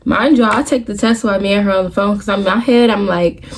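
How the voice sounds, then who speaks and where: A woman's voice: mid-range voice, quick pace. A young woman in her twenties telling a casual storytime, candid and profane, talking straight to viewers in loose, rambling asides. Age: 20s. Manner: talks in loose run-on asides, restarts the story. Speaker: vlogger.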